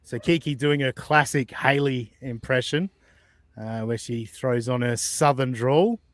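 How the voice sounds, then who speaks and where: Incredulous, swearing podcast host. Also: male voice, mid-range voice, unhurried, no echo. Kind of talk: casual reaction commentary.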